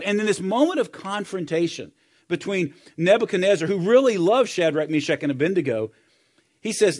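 A middle-aged preacher with a fairly high voice who speaks conversationally and shares personal stories. He rises to loud emphasis, then drops to quiet, intimate moments. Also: lively intonation, fast talker. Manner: conversational, personal storytelling, swings between loud and soft. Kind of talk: sermon.

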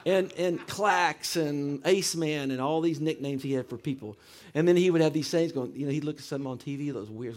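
A man telling a personal story in an earnest, halting way, with many restarts, moving between hushed moments and animated ones. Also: fairly high pitch. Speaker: speaker sharing a personal story. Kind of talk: heartfelt spoken storytelling.

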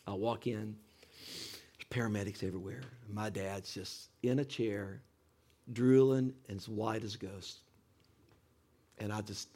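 Earnest man telling a heartfelt story. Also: medium pitch. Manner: earnest, halting with many restarts, swings from hushed to animated. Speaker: speaker sharing a personal story.

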